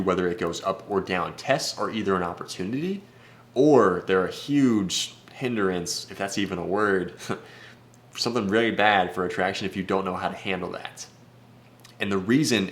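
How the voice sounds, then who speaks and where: A man speaking as a dating coach in a casual vlog, brash, blunt and profane. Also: low voice. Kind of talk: casual vlog advice talk.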